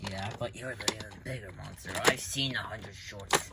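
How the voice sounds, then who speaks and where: A man's voice: fairly low pitch, steady tone, moderate pace, hardly any pauses. A young man voicing a fan-made cartoon short, sarcastic and rambling, with stammered restarts. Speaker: amateur voice actor. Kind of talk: fan animation voice acting. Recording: loud background noise with typing clicks.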